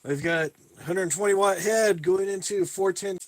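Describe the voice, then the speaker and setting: A man talks loosely to his live stream viewers from his workshop, wandering from topic to topic. His voice sits a bit higher than most men's. He laughs at himself often. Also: a little slow, dry recording. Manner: rambling, self-mocking, laughs often. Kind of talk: casual live stream tour. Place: workshop in a shipping container.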